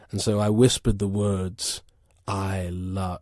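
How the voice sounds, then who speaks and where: A man's voice: deep voice, fairly even intonation, moderate pace, few pauses, warm tone, no room sound, clean studio sound. A man guest on a comedy podcast, telling an absurd story in an earnest, mock-dramatic way. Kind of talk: deadpan comic storytelling.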